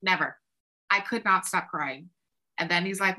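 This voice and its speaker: Woman songwriter guest, bright voice, chatty storytelling w lots of "like", acts out conversations. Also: fairly low pitch, moderate pace. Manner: animated, acts out quoted exchanges with lots of "like". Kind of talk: casual interview storytelling.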